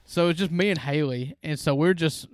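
A man's voice: on the high side, normal speed, clean tone. A man, co-hosting a podcast and telling folksy, jokey stories in casual chat. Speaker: podcast co-host.

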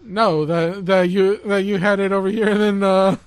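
Man, podcast co-host, casual joking banter, high voice, dry close sound. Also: fairly even intonation, normal speed, clear, resonant tone, no room sound. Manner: joking, rambling with restarts.

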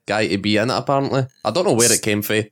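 Male co-host, animated sweary storyteller, casual chat. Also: lowish voice, rapid-fire. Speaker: podcast co-host.

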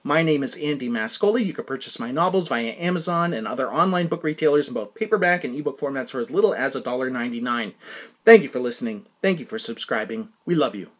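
A man's voice: medium pitch, animated, quick pace. A man hosting a solo podcast, rambling with many restarts and working himself up into a heated rant. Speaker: podcast host.

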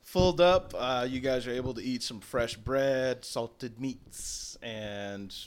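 A man's voice: mid-range voice, slow, smooth. A man narrating a tabletop game as game master, casual and rambling, with frequent fillers.

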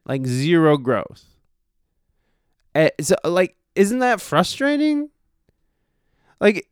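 A young man hosts a solo podcast in a loose, profane rant. His voice sits slightly high and smooth. The sound is dry and close. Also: a little mellow, no echo. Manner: profane, ranting, full of "like" and restarts. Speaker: podcast host and touring musician. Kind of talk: casual rambling podcast monologue.

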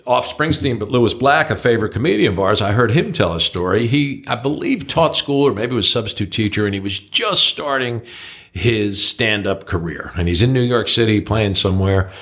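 A man's voice: lowish voice, expressive, a little fast, fairly bright tone. A man co-hosting a podcast, chatting casually and telling stories, acting out quotes with a raised voice. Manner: storytelling, acts out quotes with raised voice. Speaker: podcast co-host. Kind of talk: casual chat.

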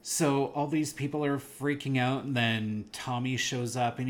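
A man's voice: mid-range voice, fairly even intonation, a little slow, hardly any pauses. A man chatting casually about a movie he saw, enthusiastic and rambling, laughing now and then. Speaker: movie podcast co-host. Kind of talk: casual movie review chat.

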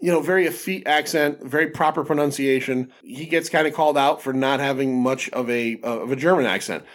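A man's voice: medium pitch, brisk. A man hosting a casual film podcast, recapping scenes with lots of fillers and restarts. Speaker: podcast host.

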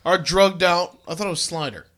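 A man's voice: high-pitched, brisk, a crowd in the background. A man co-hosting a comedy podcast, chatting casually and reading news stories aloud with a laugh. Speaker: podcast co-host.

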